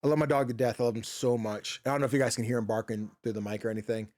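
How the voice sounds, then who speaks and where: A man's voice: mid-range voice, fairly even intonation, very fast, a little mellow. A man streaming a video game from his home office, chatting casually, rambling and swearing, with lots of fillers and restarts. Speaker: gaming streamer.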